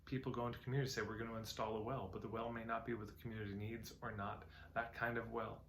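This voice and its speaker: Male teacher, reflective and conversational, gravelly voice, faint background hiss. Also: lowish voice, little pitch movement, quick pace, fairly bright tone. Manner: musing, conversational, tells parables. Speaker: marketing teacher. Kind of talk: reflective talk to camera.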